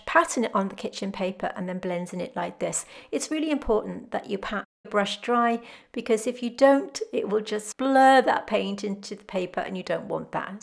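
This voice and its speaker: A woman calmly teaching a botanical watercolour tutorial step by step, speaking in a gentle, unhurried way. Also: mid-range voice, gravelly. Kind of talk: calm step-by-step painting tutorial. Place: home studio with glass roof.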